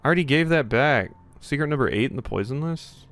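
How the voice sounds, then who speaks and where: A man's voice: mid-range voice, expressive, quick pace, a bit bright, soft background music. A young man live-streaming a game, chatting casually with his viewers in a rambling, jokey way, swearing and reading game text aloud. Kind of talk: casual live-stream chat while gaming.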